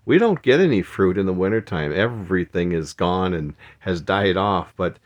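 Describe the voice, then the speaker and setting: A man's voice: sits low, lively intonation, moderate pace, highs cut off. A middle-aged man from Minnesota hosting a devotional podcast, talking casually with frequent restarts and small laughs. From Minnesota, USA. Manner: rambling, with restarts and soft laughs. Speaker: podcast host.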